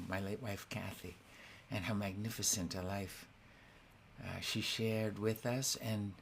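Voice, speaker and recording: A man hosting his weekly concert, talking softly and haltingly between songs, with many restarts. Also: fairly low pitch, slight background noise. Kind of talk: casual spoken introduction between songs. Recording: guitar playing along in the background.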